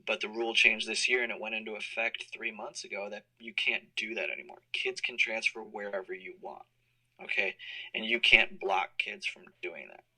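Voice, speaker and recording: A man in his thirties, a college compliance officer appearing as an alumni guest, answers interview questions on a call recording. He explains things thoughtfully with many fillers, his fairly low voice pushed and bright at normal speed. The recording quality is low.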